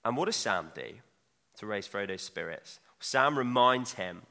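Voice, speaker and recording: Here the preacher's voice sits fairly low, with lively intonation, a measured pace, and a sharp edge. The young man talks conversationally from a reverberant church hall, mocking himself now and then.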